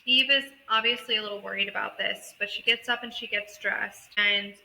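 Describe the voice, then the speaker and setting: A woman's voice: medium pitch, steady tone, a little fast, gravelly, sharp tone, slight background noise, rough recording. A woman co-hosting a casual book podcast, animatedly retelling a story and acting out the characters. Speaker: podcast co-host.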